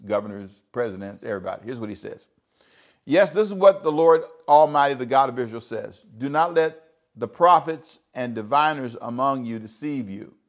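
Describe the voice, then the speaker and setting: A man in his thirties preaching a sermon as pastor, emphatic, with repeated words and sudden rising outbursts. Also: medium pitch.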